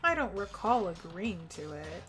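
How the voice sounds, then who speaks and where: A woman reading the lines of a cold, arrogant rich teenage boy from a game, calm and dismissive. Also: lowish voice, moderate pace, soft background music. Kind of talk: reading game dialogue aloud.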